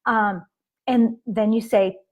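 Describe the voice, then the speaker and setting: A woman with a slightly high voice gives a casual live-stream lesson to parents. She talks chattily, with fillers and little acted quotes of children. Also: steady tone, slow. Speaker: parenting coach.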